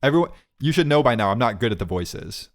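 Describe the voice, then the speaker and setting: A young man in his twenties co-hosts a casual podcast. He talks in a loose, rambling way and riffs on silly bits. He laughs often at his own jokes in a mid-pitched voice. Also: big pitch swings, fast. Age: 20s. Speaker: podcast co-host. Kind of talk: casual chat.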